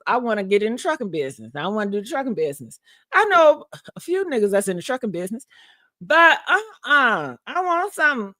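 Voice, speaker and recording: A woman's voice: high voice, a bit bright, no echo, studio quality. A woman vlogger casually telling a personal story to her viewers, frank and profane, laughing often.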